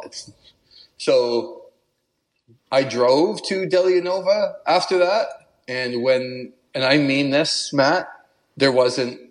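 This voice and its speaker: A man who is a podcast guest, telling a travel story in an animated, casual way and laughing as he goes. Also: medium pitch. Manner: animated, laughs while telling, puts on an Italian accent for quotes.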